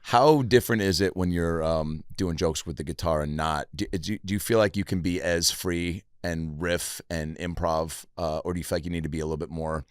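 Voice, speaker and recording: A man's voice: deep voice, brisk, hardly any pauses, smooth, no echo, clean studio sound. A man hosting a podcast, chatty and enthusiastic, with lots of fillers. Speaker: podcast host. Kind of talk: casual podcast chat. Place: podcast studio.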